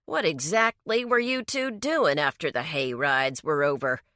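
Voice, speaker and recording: A woman's voice: sits low, unhurried, sharp tone, no room sound, clean studio sound. A woman voicing a patronizing, menacing male deputy with a condescending, threatening way of talking.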